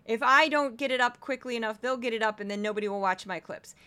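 A woman's voice: fairly high pitch, quick pace, pushed and bright, clean tone. A woman from St. Louis hosting a podcast, ranting with exasperation about petty critics and reading news items. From St. Louis, USA. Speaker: podcast host. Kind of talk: casual commentary.

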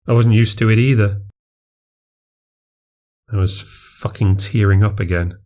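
A man's voice: fairly low pitch, steady tone, a little slow, dark tone. A man narrating a first-person horror story for a podcast, in a confessional, plainspoken way.

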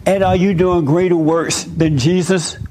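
A man's voice: high voice, steady tone, a little slow, darkish tone, a little hiss or hum. Probing man with a raised voice. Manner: probing, direct questioning. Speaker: interviewer.

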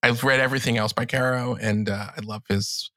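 A man's voice: medium pitch, fairly even intonation, brisk, pushed and bright, dry recording. A man, a podcast guest and columnist, talking in a chatty, enthusiastic way with many fillers. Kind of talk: casual podcast conversation.

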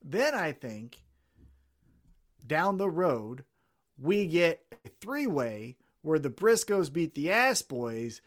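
A man's voice: fairly high pitch, very animated, takes it slowly. A man co-hosting a wrestling podcast, chatting casually and swearing freely, sometimes losing track of names. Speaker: podcast co-host.

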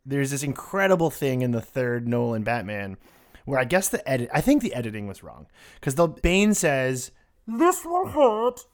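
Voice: mid-range voice, very animated, moderate pace. A podcast host in casual conversation, with a dry, amused manner. He questions his guest skeptically and chuckles along with the banter. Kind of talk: casual chat.

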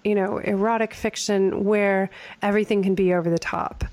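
A woman's voice: mid-range voice, fairly even intonation, moderate pace, darkish tone, no echo. A woman hosting a conversational interview, reflecting thoughtfully on the writing process. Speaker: podcast host.

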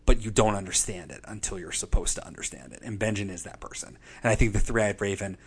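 With a low, husky voice full of vocal fry, this man talks quickly as a podcast co-host. He recaps a TV episode with plenty of swearing and energy, doing funny voices for the quotes.

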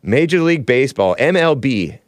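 A man's voice: medium pitch, big pitch swings, brisk, dry recording, clean studio sound. A man hosting a solo commentary stream, a little under the weather, talking in a rambling, sarcastic way with frequent asides. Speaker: talk show host.

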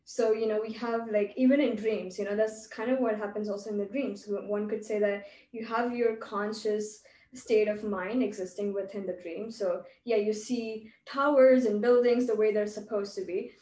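Woman podcast host, mellow voice, thinks aloud, echoey room, mic set back. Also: mid-range voice, fairly even intonation, moderate pace. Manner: reflective, filler-heavy, speculative. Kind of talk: casual conversation. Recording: roomy, distant mic with faint ambience.

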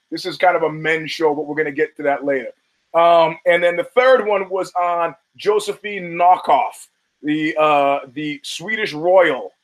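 Recorded on camera and studio mics with poor audio, a man with a slightly high voice delivers a casual monologue on his own podcast, blunt, profane, and dotted with laughing asides.

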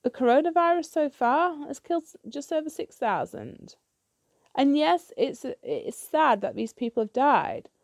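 A woman's voice: high voice, big pitch swings, measured pace, vocal fry, no echo, clean studio sound. A woman ranting bluntly in a solo podcast monologue, swearing freely and restarting her sentences when heated. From United Kingdom. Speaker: podcast host.

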